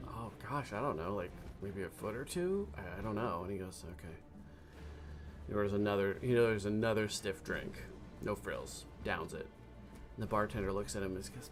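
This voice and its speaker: A low-voiced man talks casually over a multiplayer strategy game, rambling into long jokes and cracking up at his own punchlines. Faint game music plays underneath his voice. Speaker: gamer.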